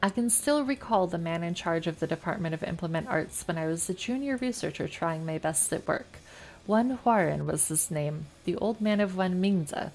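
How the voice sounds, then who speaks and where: A woman from the United States streaming a game, reading its text aloud in a calm, measured way and chatting casually between passages. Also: on the low side, a little hiss or hum.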